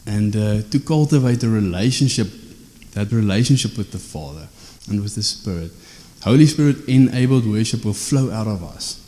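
A man's voice: fairly low pitch, mellow, big-room sound. A man, preaching an informal teaching sermon in a conversational way, often checking in with tag questions.

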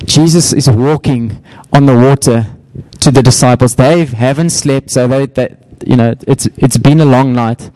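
Mellow-voiced male preacher. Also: moderate pace, no echo, low-quality recording. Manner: storytelling, acts out quotes with raised pitch. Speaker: pastor. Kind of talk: sermon.

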